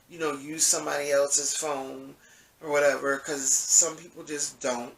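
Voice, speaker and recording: A man's voice: medium pitch, a bit bright. A man telling a story in a casual monologue, rambling and profane, often asking "you know what I'm saying". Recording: echoey room, mic at a distance.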